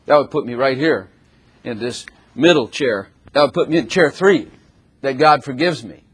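A man's voice: medium pitch, moderate pace, breathy edge. A man preaching a sermon who often laughs and acts out little voices as he talks.

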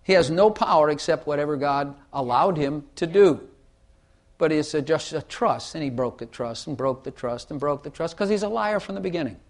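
A man's voice: on the high side, lively intonation, moderate pace. A man teaching the Bible in casual conversation, emphatic, repeating phrases for effect and playing with inflection to make his points.

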